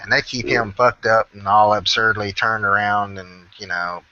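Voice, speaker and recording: A man's voice: fairly low pitch, steady tone, normal speed, pushed and bright, slight background noise. A man with a Southern country accent, rambling in casual, heavily profane chat about a friend. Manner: rambling, profane, swears constantly. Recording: dull lo-fi audio.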